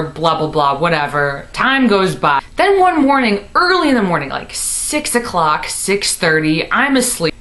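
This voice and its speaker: Bubbly young woman telling a story. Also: fairly low pitch. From Missouri, USA. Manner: bubbly, animated, lots of "like". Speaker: comedy vlogger. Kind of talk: comic storytelling to camera. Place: her apartment. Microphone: camera in her room.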